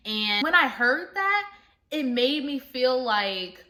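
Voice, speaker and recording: A woman's voice: sits high, sing-song, slow pace, bright, forceful tone. A young adult woman talking to viewers in a candid personal vlog, earnest and confessional, often laughing. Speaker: vlogger.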